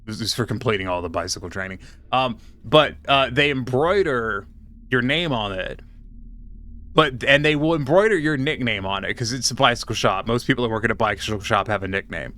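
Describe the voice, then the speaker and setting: A young man streaming a puzzle game, telling a rambling story with casual swearing and deadpan punchlines. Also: medium pitch, fairly quick. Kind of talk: casual live-stream chat while playing.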